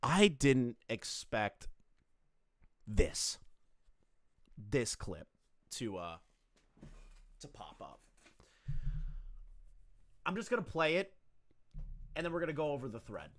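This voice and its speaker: A man's voice: medium pitch, sing-song, slow pace, pauses often, a bit bright. A man on a casual livestream reacting to online drama, swearing freely, joking and talking straight to his chat.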